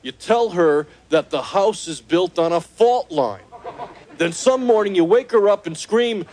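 A man voicing a cocky, cheeky male alien in a sitcom, with a nasal, gravelly voice and brash, joking comebacks. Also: high-pitched, lively intonation, a little slow, darkish tone. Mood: wisecracking. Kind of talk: sitcom acting with laugh track.

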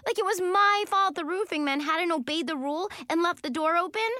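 A woman reading a first-person children's book aloud in an animated, expressive way. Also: extremely high pitch, a little fast, no echo, studio quality. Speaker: audiobook narrator.

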